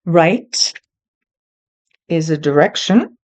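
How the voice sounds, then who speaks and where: A woman teaching English to learners, speaking slowly and clearly in a patient, encouraging way. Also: deep voice, animated, a little mellow. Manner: patient, encouraging, talks to a child helper.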